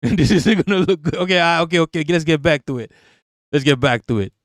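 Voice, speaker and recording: A man's voice: on the high side, brisk, dry recording, studio quality. A man doing casual live-stream political talk and reading chat. He is blunt and profane, laughs often, and repeats himself.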